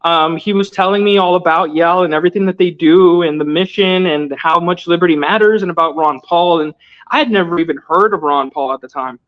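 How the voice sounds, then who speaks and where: A man's voice: a little high, fairly quick. A young man in his twenties, a guest telling his story in a casual interview, loose and earnest with lots of filler words. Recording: dull lo-fi audio.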